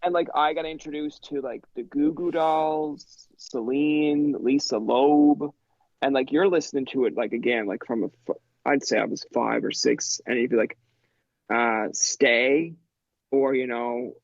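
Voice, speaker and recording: A man in his thirties talking casually on a podcast. He tells stories in an animated way, acts out what people said, and fills his speech with "like.". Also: medium pitch, unhurried, creaky, no room sound, lo-fi sound. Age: 30s. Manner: animated storyteller, acts out quotes, says "like" a lot.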